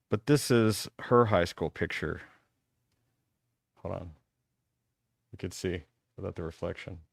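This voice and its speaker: A man's voice: lowish voice, no echo, studio quality. A man in his fifties from Texas, hosting a live talk show and animatedly telling school stories to a caller. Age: 50s. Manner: animated, reminiscing storyteller.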